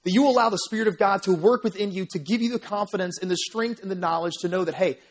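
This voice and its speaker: A man preaching a sermon as pastor, telling an animated story and often checking in with "right?". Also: high voice, fast talker. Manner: animated storytelling, acts out crowd voices, asks "right?" often. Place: church sanctuary.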